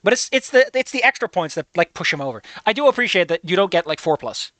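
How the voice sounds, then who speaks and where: A streamer giving animated, swear-filled commentary while playing through a story game. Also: mid-range voice, quick pace, no echo. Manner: animated, swearing, laughing often.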